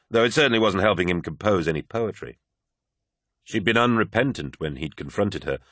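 Male audiobook narrator, deep voice, husky, expressive, dry close mic. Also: dry recording. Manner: expressive storytelling. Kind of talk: scripted narration.

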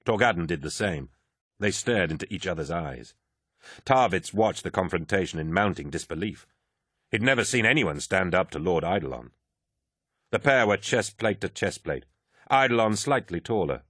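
A man narrating an audiobook in a steady, descriptive reading. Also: deep voice, slightly rough, no echo, studio quality.

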